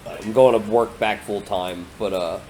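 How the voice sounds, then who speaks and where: A man's voice: lowish voice, steady tone, measured pace, a little mellow, a little hiss or hum. A young man chatting casually as a podcast co-host, rambling through stories with lots of fillers and swearing. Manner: rambling, profane, storytelling, many fillers. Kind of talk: casual chat.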